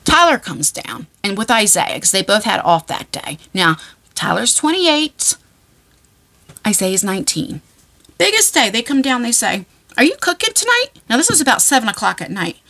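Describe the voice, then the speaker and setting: Bright, chatty woman telling stories. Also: mid-range voice, normal speed, vocal fry. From New Jersey shore area. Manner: animated, chatty, laughs often, many fillers. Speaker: vlogger. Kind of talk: casual storytelling to camera.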